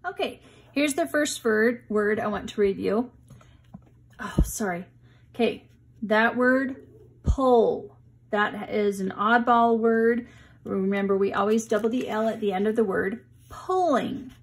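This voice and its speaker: Reviewing vocabulary and paging through a picture book, a teacher addresses young children in a slow, patient, friendly way. Her voice is a little high, and the lesson is about reading.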